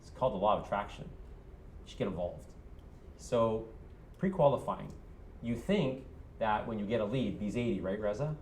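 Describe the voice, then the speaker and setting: A man's voice: on the low side, lively intonation, moderate pace, a little mellow, echoey room, slight background noise. A man coaching a room of real estate agents, punchy and quizzing them with "yes or no?".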